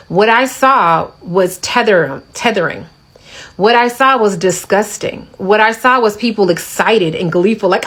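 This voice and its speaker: A woman rants to her viewers in a casual, indignant tone. She hammers her points home by repeating lines. Her voice sits at a middle pitch. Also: animated, unhurried, poor audio. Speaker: video creator in a played clip. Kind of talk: casual ranting commentary.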